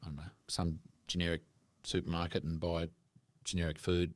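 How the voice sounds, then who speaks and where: An Australian man telling animated stories and sometimes swearing as a podcast guest. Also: deep voice, fairly quick, dry recording. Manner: animated storyteller, casual swearing. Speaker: guest farmer. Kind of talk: casual podcast conversation.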